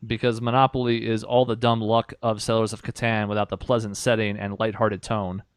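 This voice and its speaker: Young dude on a podcast, opinionated, talks in full thoughts, dry mic. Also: male voice, on the low side, flat delivery, fairly quick, smooth, no echo. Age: young adult. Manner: articulate, opinionated, mock-exasperated. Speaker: podcast co-host. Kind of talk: casual chat.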